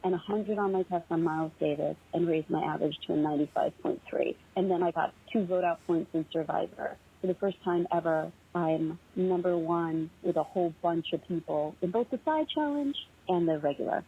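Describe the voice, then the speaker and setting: A young woman calling in to a podcast, chatty and excited, laughing often, heard over a tinny phone line. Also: fairly low pitch, brisk, few pauses, husky. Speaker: podcast caller. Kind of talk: casual voicemail chat.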